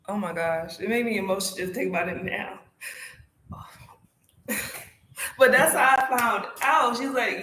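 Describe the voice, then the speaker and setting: A woman's voice: fairly high pitch, normal speed, long pauses, slight background noise. Woman vlogging in echoey room. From South Carolina. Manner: animated, emotional storytelling with frequent swearing. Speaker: motorcycle vlogger. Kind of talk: casual chat.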